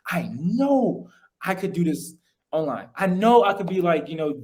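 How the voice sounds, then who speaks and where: A young man, a podcast guest, casually telling his story in animated, slangy speech full of "like" and "yo". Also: a little high, fairly quick.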